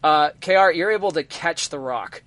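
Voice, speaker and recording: A man running a tabletop game as game master, narrating the scene in a halting way full of ums and uhs. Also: fairly high pitch, a bit bright, no echo.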